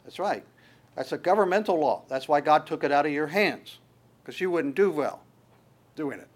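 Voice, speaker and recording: A man's voice: on the high side, animated, moderate pace. A man preaching a sermon as pastor, conversational and emphatic, often restarting his phrases.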